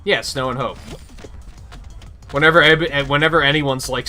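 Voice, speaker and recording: Bright-voiced man ranting on stream. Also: mid-range voice, a little fast. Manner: profane, animated ranting. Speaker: livestream host. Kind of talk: casual chat while gaming.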